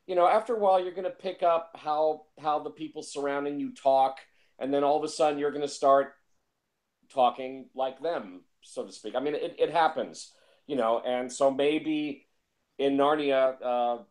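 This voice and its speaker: A man's voice: mid-range voice, darkish tone. A man talking casually about films, rambling and repeating himself with lots of fillers. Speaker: film reviewer. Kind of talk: casual film discussion.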